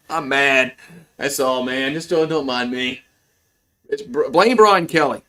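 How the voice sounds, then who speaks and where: Calling the game live as a fan, this man is excitable and profane, muttering complaints one moment and yelling on big plays the next. His pitch is medium, and he speaks slowly with long pauses.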